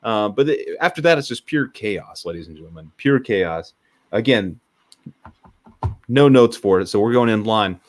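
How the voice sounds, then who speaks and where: A man's voice: fairly low pitch, normal speed, a little hiss or hum. A man co-hosting a podcast, chatting casually about a film, rambling and jokey as he retells scenes. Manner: rambling, jokey, animated storytelling. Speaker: podcast co-host. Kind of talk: casual movie discussion.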